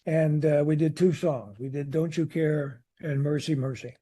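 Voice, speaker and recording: An older man with a Chicago accent tells stories as a guest in an interview. His voice sits a little high but sounds husky and mellow. He restarts phrases often as he talks. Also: moderate pace. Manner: animated anecdotes with restarts. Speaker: guest musician. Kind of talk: casual interview storytelling.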